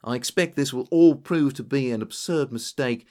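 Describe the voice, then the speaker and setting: A man's voice: mid-range voice, normal speed, a little mellow, close to an everyday voice. An earnest, plain-spoken police inspector of middle age, as a man voices him. He speaks straightforwardly, in a storybook manner.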